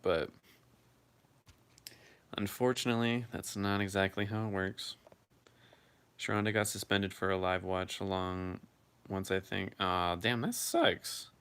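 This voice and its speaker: A man's voice: low voice, a bit bright, smooth. A man hosting a casual live chat, reading viewer comments aloud and answering them in a loose, freely swearing way.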